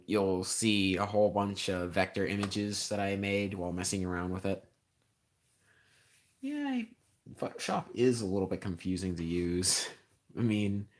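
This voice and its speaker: Teen male streamer, slightly low voice, casual rambling chat, sarcastic rants that get loud. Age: teens. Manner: rambling, sarcastic, frequent ums; gets loud and heated when ranting.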